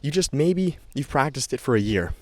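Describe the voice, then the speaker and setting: Outdoors by a stream in a forest valley, a young vlogger talks casually to a handheld camera held at arm's length, slightly out of breath. He's energetic and chatty, tends to repeat himself, and speaks at a moderate pace in a mid-range voice on a dry recording.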